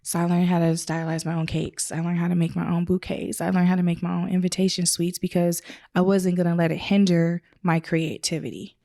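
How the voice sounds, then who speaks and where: A woman's voice: fairly low pitch, flat delivery, fairly quick, dark tone. A woman, a wedding photographer, talking casually and emotionally as a guest in her own studio. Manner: chatty and emotional, acts out quoted voices. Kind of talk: casual interview conversation.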